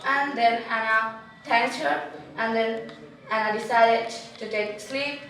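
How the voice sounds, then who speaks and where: A woman's voice: fairly high pitch, fairly even intonation, slow, a bit bright, heavy reverb, recorded from a distance. A woman student hesitantly retelling a video story, correcting herself as she goes.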